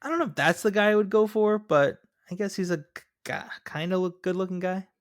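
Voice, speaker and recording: A man's voice: high-pitched, a little fast, no echo, clean studio sound. A man co-hosting a movie review podcast, rambling and hesitant as he chats and laughs at his own jokes. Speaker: podcast co-host. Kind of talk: casual movie review chat.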